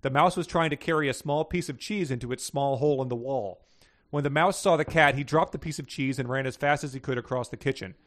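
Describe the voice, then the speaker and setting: A man hosting a podcast, reading short stories aloud and chatting casually, often laughing. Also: fast. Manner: reads stories aloud, voices characters with raised pitch, laughs often. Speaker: podcast host reading passages. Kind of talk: read-aloud storytelling with casual chat.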